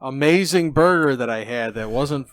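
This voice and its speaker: A man co-hosting a casual podcast, talking in a relaxed, offhand and wry way. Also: medium pitch, moderate pace, a crowd in the background. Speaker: podcast co-host. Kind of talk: casual chat.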